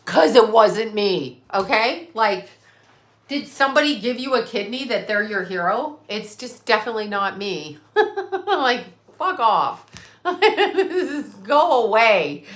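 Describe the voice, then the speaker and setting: A woman's voice: fairly high pitch, big pitch swings, slow pace, bright, forceful tone. A middle-aged woman ranting on an unscripted live stream, blunt, profane and sarcastic. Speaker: psychic medium live streamer.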